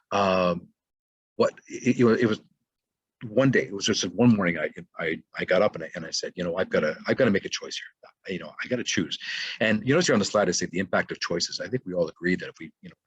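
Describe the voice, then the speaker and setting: A man's voice: low-pitched, husky, no room sound, highs cut off. A middle-aged man giving a motivational webinar talk, rambling loosely with many fillers and restarts. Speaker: webinar presenter.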